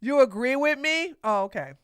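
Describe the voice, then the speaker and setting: A woman's voice: high-pitched, animated, normal speed, clean tone, no echo, studio quality. A woman hosting a livestream podcast, giving blunt opinions in casual commentary, laughing often and reading out viewer donations. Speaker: podcast host.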